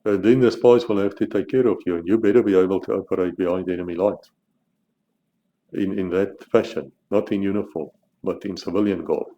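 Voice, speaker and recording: A South African channel host delivers a blunt, opinionated monologue to camera, restarting and repeating words as he argues his point. His voice is low and dark, captured on lo-fi audio with a little hiss or hum.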